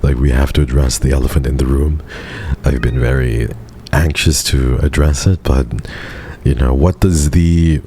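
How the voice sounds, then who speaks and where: A man streaming casually, speaking softly in a subdued monotone while sparing a sore throat. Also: extremely low pitch, moderate pace, a little hiss or hum. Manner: soft-spoken and subdued, flat monotone delivery. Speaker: VTuber streamer. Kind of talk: casual livestream chat.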